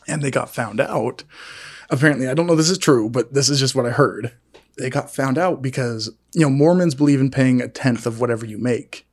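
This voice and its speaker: Gravelly-voiced man telling a funny story. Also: moderate pace. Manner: animated, laughing, jumps to high-pitched acted quotes. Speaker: podcast co-host. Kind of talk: casual storytelling chat.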